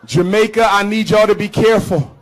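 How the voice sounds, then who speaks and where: A man giving an impassioned public speech to an audience in a rhythmic preaching cadence, punching key phrases with shouts. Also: high-pitched, fairly even intonation, fairly quick, a faint crowd, poor audio. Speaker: public speaker. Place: live event before an audience.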